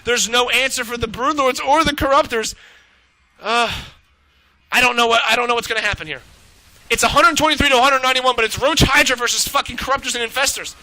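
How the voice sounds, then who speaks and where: A man shoutcasting a live strategy game match, excitable and swearing freely as he calls the action. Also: very high-pitched, dry recording, rough recording. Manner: excitable, swearing, rapid reactions. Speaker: esports shoutcaster. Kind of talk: live play-by-play game commentary.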